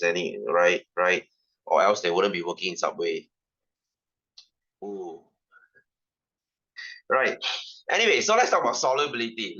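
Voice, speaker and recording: A male science tutor with a Singaporean English accent, teaching a class. His voice is low-pitched yet bright and forceful, and he keeps repeating points and asking rhetorical questions. The sound is somewhat dull and lo-fi. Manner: repetitive, rhetorical questions, ranting asides.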